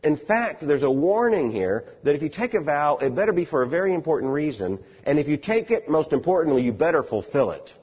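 A man's voice: a little high, sing-song, brisk, hardly any pauses, husky. A man preaching an expository sermon in a conversational, storytelling way, often repeating words as he starts a phrase. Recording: dull recording in a large reverberant hall.

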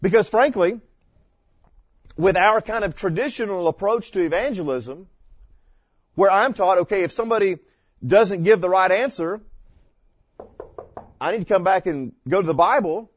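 A man's voice: high voice, animated, normal speed, pauses often, slightly rough, no echo. A man teaching an evangelism class in a conversational lecture style, punchy and full of rhetorical questions. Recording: dull dry lo-fi lecture recording.

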